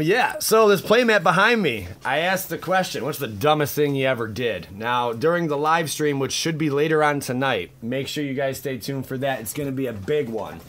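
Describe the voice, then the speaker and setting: A young man hosting a casual card pack-opening vlog, hyper and excitable with crude exclamations. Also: mid-range voice. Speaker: card-opening YouTube host.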